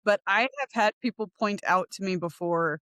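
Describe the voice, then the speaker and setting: Woman podcast host, chatty questions, medium pitch, dry sound. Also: moderate pace, a bit bright, dry recording. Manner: conversational, asks questions in loose, searching phrasing. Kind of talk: casual podcast interview.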